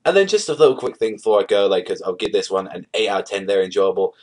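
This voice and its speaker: A young man with a fairly low voice talks through an episode review in a loose, offhand way. He rambles, leans on fillers like "like" and "you know," and throws in casual swearing. His delivery is unscripted and chatty. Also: fast, a little mellow. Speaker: anime reviewer.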